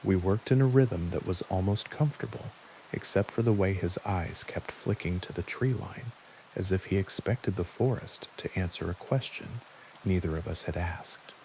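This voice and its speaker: A man reading a scary bedtime story aloud in a calm, steady storytelling manner. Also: sits low, moderate pace, a little hiss or hum, rough recording. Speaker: narrator. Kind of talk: scripted horror narration for sleep.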